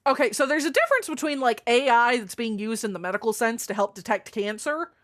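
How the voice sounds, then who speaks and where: A woman streamer chatting casually and reading her chat aloud, frank and playful, swearing freely and jumping up in pitch now and then. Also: expressive, fast talker. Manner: chatty with sudden jumps in pitch and loudness.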